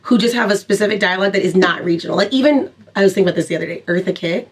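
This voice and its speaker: A woman comedian with a Dallas accent, trading quick witty jokes in a casual podcast chat. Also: medium pitch, breathy edge, far from the mic. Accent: Dallas Texas. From Dallas, Texas. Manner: witty, quick joking asides. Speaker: comedian guest.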